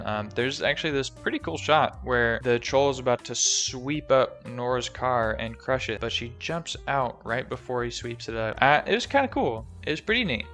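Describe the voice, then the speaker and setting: A man's voice: mid-range voice, fairly bright tone. A young man recapping a movie plot in a casual, jokey, rambling way with lots of fillers. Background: faint background music.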